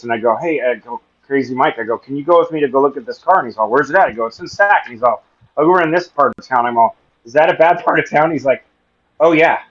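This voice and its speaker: A man's voice: medium pitch, lo-fi sound. A man on a podcast telling funny stories in a casual way, acting out the people in them and laughing often. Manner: animated, acts out dialogue, laughs often. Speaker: podcast guest. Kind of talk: casual storytelling.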